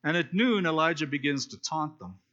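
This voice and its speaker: A man's voice: fairly high pitch, animated, moderate pace, a bit bright. A man preaching in a casual, explanatory way, retelling a scripture story with fillers and restarts. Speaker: preacher teaching a Bible study. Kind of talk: conversational sermon, retelling scripture. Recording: dull lo-fi recording.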